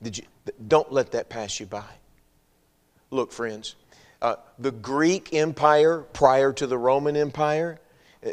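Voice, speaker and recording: A man's voice: mid-range voice, clear, resonant tone. A man preaching a sermon in an emphatic, repetitive style, firing rhetorical questions and dropping humorous asides. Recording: long hall reverb.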